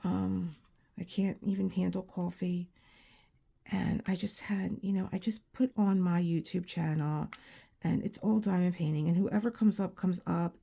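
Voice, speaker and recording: A tired woman talks casually while she works on a craft at home, rambling and restarting her sentences as she tells personal stories and grows teary. Her voice is on the low side, gravelly and mellow. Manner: rambling, restarts often, emotional storytelling. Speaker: crafting channel host. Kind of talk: casual chat while diamond painting. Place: home room.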